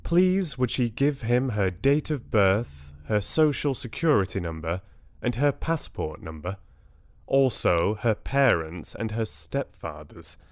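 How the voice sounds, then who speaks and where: A British man narrating an audiobook calmly, in a measured storytelling manner, close to the mic. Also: lowish voice, no echo.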